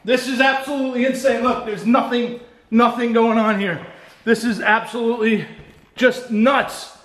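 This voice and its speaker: A man's voice: extremely high pitch, steady tone, normal speed, a bit bright. A middle-aged man filming a solo ghost-hunting vlog in an empty house, frightened and shaky, swearing and repeating himself. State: shaky and scared. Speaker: paranormal vlogger. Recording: echoey empty room.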